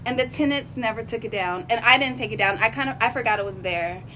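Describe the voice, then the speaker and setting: A woman vlogger casually telling a spooky story to her viewers, chatty and animated, often laughing and drawing out her words. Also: a little high, quick pace, a little hiss or hum.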